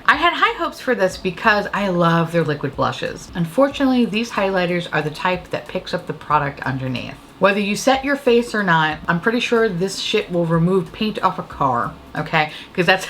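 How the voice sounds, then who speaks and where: A woman's voice: medium pitch, a bit bright, a little hiss or hum. A woman with a New York accent reviewing beauty products in a casual, profane and sarcastic way. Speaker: beauty vlogger.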